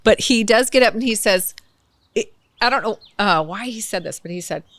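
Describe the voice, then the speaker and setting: A woman hosting a podcast, a former prosecutor telling courtroom stories in a loose, animated way, with frequent laughs and "right?" asides. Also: medium pitch, normal speed, dry recording. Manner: animated, laughs often, acts out courtroom quotes; talks in restarts and asides, tags lines with "right?". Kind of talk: casual storytelling conversation.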